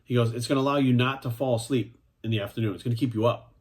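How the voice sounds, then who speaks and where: A man's voice: mid-range voice, steady tone, racing. A man in his forties, a fitness coach, ranting bluntly in a vlog, swearing often and asking "right?" after his points. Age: 40s. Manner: profane, emphatic, repeats "right?".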